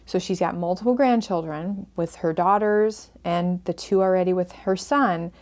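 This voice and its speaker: A woman's voice: on the low side, darkish tone. A woman hosting a podcast on family estrangement, talking with listeners in an earnest, empathetic way and walking them through a case story as a counselor.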